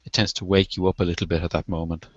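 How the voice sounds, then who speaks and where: A man on a panel in a casual online hangout, giving measured, articulate advice to a newcomer. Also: low-pitched, level tone, no room sound. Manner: measured, articulate, gently advising. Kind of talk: casual live hangout chat. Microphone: video call. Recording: dry, dull lo-fi call audio.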